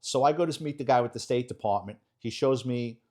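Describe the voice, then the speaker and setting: A middle-aged man, a retired detective telling a story as an interview guest, in a blunt, animated, street-wise way. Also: medium pitch, brisk.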